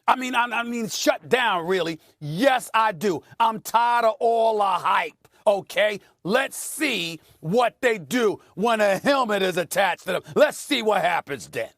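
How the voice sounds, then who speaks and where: A man arguing loudly and emphatically as a host of a televised sports debate, repeating his points. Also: high-pitched, expressive, unhurried, hardly any pauses, dry recording, studio quality. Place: TV studio.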